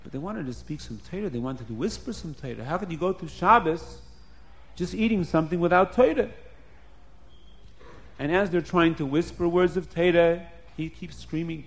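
A man's voice: a little high, normal speed. A man telling a story aloud in a plain, earnest, repetitive way. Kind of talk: spoken storytelling.

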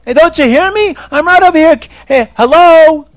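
A man voicing a lonely imprisoned king who calls out and pleads loudly for help. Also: very high voice, moderate pace, dry recording, pitched above the performer's own voice. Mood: pleading.

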